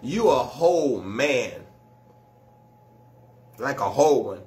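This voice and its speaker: A man doing stand-up comedy, telling a story loudly and with lots of slang and swearing, often laughing at his own jokes. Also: mid-range voice, sing-song, slow. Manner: profane and slangy.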